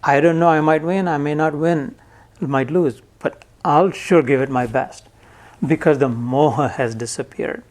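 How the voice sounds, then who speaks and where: A man's voice: fairly high pitch, normal speed, darkish tone. A man giving a spiritual lecture to a live audience, explaining Sanskrit verses word by word in a conversational way. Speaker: Gita teacher.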